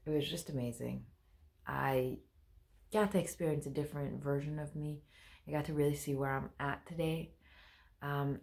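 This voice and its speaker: A woman's voice: low-pitched, vocal fry. A woman hosting her own motivational video series, talking earnestly to camera with sighs and self-corrections. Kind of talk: casual motivational talk to camera.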